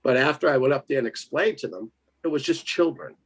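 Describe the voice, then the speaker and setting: Man, husky voice, mid-pitched, lively emphatic storytelling, keeps asking "right?", casual interview guest. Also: brisk. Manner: lively, emphatic, tags lines with 'right?'. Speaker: paranormal investigator guest.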